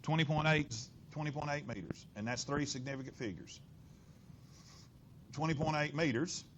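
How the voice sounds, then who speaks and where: A middle-aged man teaching physics in a classroom, working problems aloud with lively inflection and constant questions to the class. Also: fairly high pitch, moderate pace, noisy background. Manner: animated, lots of rhetorical questions and inflection.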